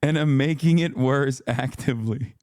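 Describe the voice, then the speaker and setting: Here the California-based streamer speaks with medium pitch, moderate pace, and a touch of mellowness, captured at studio quality without any room sound. He fires profane rants at his chat in a casual way, laughing a lot.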